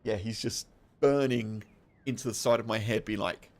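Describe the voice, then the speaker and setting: A man's voice: on the low side, steady tone, normal speed, slight background noise. A British man chatting casually while streaming a game, rambling, laughing and full of fillers.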